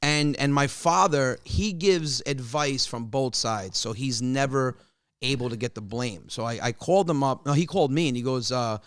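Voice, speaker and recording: A young man, a stand-up comedian, telling family stories in a podcast interview, animated and jumping way up in pitch on punchlines. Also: normal speed, smooth, dry recording, clean studio sound.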